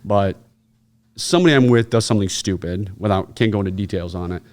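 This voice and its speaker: A man's voice: on the low side, quick pace. A man, a podcast guest and former intelligence officer, telling stories in casual interview talk and acting out the people in his anecdotes. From United States. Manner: lively storyteller who acts out the people in his anecdotes.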